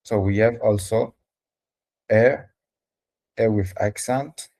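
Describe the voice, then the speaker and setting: Slow, low-voiced French teacher man. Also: gravelly, mellow. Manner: patient, spells out letters and sounds. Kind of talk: live online language lesson.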